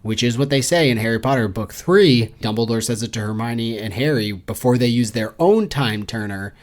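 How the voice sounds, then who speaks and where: A man's voice: medium pitch, moderate pace. Sarcastic man joking through a book chat. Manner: sarcastic, jokey asides. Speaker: podcast co-host. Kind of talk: casual book discussion.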